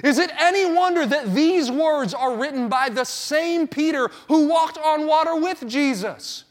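A man in his thirties preaching a sermon, telling a story with animated storytelling and acting out his own panic. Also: very high voice, measured pace. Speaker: pastor.

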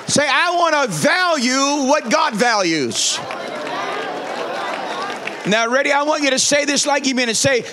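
Lively high-pitched male pastor. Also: noisy background. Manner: leads congregation in call-and-response; enthusiastic, repeats phrases. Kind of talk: sermon.

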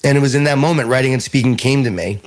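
A middle-aged man from Long Island, New York, with a Long Island accent, telling stories as an author in an interview, animated and emphatic. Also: medium pitch, fast talker. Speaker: author and leadership speaker. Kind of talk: interview storytelling.

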